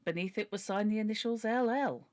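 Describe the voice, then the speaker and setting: A woman's voice: mid-range voice, a little fast, darkish tone, close to an everyday voice. A woman voicing a humble, pleading older male butler while reading a novel aloud. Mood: earnest. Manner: earnest, deferential, begging.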